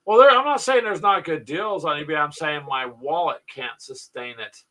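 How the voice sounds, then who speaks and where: A man's voice: fairly high pitch, moderate pace, sharp tone, recorded from a distance. A man hosting a casual chat, joking and teasing his co-hosts. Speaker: host.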